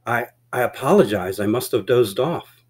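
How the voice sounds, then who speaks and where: A man's voice: medium pitch, lively intonation, normal speed, slightly rough. A man voicing a startled young woman in an audiobook, with a raised, questioning voice. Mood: alarmed. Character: startled young woman waking in a strange future.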